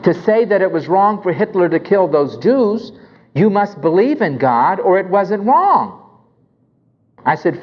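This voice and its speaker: A man's voice: high voice, big pitch swings, measured pace. A man lecturing on Christian apologetics, emphatic and full of anecdotes, acting out the conversations he tells about. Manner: emphatic, anecdotal, acts out dialogue. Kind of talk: recorded lecture with storytelling. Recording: dull recording with long hall reverb.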